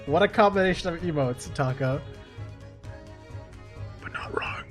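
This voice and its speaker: A man's voice: on the high side, a little slow. A man streaming a video game, making jokey casual asides and reacting to his chat. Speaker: let's play streamer. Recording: game music playing behind.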